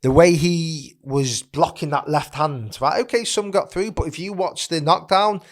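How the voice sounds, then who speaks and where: A man giving his boxing analysis straight to camera, emphatic, often tagging "right?" onto his points, and growing loud and fired up as he praises a fighter. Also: on the high side, a little slow. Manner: emphatic, keeps asking "right?". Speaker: boxing pundit.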